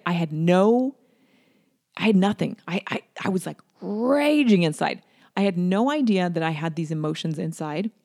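A woman candidly telling a personal story, with restarts and lively acted-out quotes. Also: on the low side.

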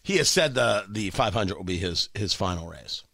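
A man's voice: on the low side, normal speed, vocal fry, no room sound. A man hosting a talk radio show, opinionated and sarcastic, bantering and joking in the studio. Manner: animated, sarcastic, jokey.

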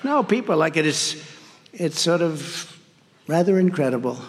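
A man's voice: on the high side, very animated, normal speed. A man giving a campaign rally speech, rambling and repetitive, with heavy emphasis. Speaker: political candidate at a rally. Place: large rally venue. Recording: long hall reverb.

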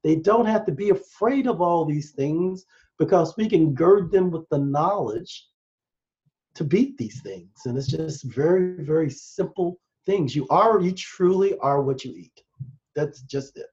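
A man's voice: on the high side, animated, measured pace, a little mellow. A man with an American accent, a doctor appearing as a podcast guest, explaining science in a rambling, enthusiastic way. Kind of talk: casual interview talk. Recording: muffled lo-fi sound.

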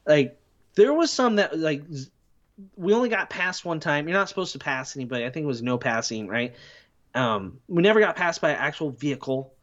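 A man's voice: a little high, animated, brisk, fairly bright tone. Man, podcast guest, rambling storyteller, self-deprecating, slightly dull lo-fi audio. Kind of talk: casual podcast chat.

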